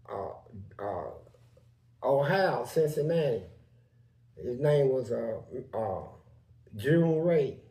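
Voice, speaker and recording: A man with a Southern US accent telling prison stories in a loose, animated way, acting out voices in the quotes. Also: mid-range voice, reverberant. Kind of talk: casual storytelling.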